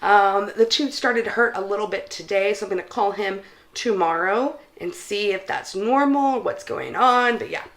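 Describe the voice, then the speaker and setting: A young woman book vlogger chats casually and enthusiastically with her viewers about books, speaking straight to camera. Her voice is medium-pitched with a fairly bright tone.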